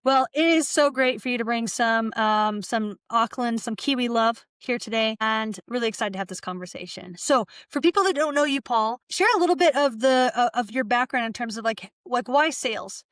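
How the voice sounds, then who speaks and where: Woman, young, bubbly host, fairly high, smooth voice. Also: moderate pace, hardly any pauses, a bit bright, no room sound, clean studio sound. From United States. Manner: bubbly and enthusiastic, many fillers. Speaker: podcast host. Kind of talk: casual interview hosting.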